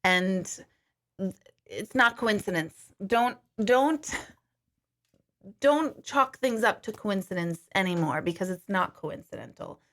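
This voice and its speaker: Bright-voiced chatty woman livestreaming. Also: mid-range voice, slow pace. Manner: chatty, animated, swears casually. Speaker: livestream host, medium. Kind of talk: casual livestream storytelling. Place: home kitchen.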